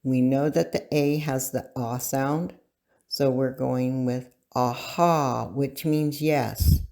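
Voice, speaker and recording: Slow, deliberate language teacher. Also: mid-range voice, fairly even intonation, gravelly, a little mellow. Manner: slow, deliberate, pausing for learners to repeat. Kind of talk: recorded language lesson.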